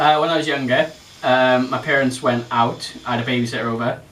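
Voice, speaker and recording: A man's voice: mid-range voice, fairly even intonation, fairly quick, a bit bright. Man in an echoey room. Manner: jokey, laughs a lot, slips into silly accents. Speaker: podcast co-host. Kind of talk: casual chat. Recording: echoey room, mic far off, faint noise.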